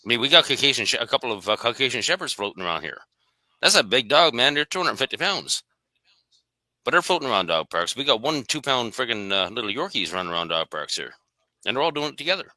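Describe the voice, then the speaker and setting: Fast-talking man with a bright, dry voice. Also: mid-range voice, big pitch swings, no echo, rough recording. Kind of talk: casual conversation.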